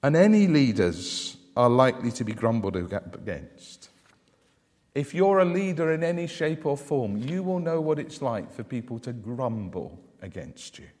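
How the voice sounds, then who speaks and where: Long hall reverb surrounds a man's mid-range, slightly mellow voice, which has a sing-song quality and a moderate pace. He preaches in a conversational style, frequently asking the congregation rhetorical questions.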